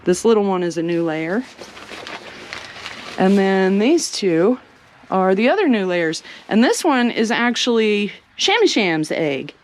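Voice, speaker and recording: A woman chatting casually as she walks through her homestead showing the animals, sometimes cooing at them in a high sing-song. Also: lively intonation, measured pace, a little mellow. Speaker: homestead vlogger. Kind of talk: casual walking tour vlog. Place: outdoors on a homestead among animals.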